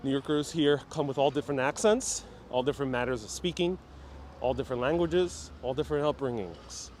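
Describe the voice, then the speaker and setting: A man's voice: mid-range voice, a little fast, a little mellow, a little hiss or hum. A man from New York City hosting a live walking tour outdoors, chatting with viewers and reading out and answering their comments. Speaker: walking-tour livestream host.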